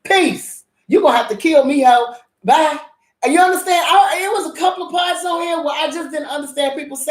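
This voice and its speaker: Speaking a little fast in a high-sitting voice, this female host rants bluntly and casually about a drama. Heavy swearing and repeated phrases drive her points home, all captured in an echoey space.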